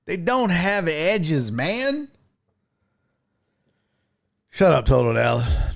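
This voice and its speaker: A man's voice: fairly low pitch, creaky. Middle aged guy on a sports stream, cussing, joking around, voice bouncing all over. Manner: profane, animated, jokey, slips into mock voices. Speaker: sports talk show host. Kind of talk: casual live-stream chat, reading viewer comments.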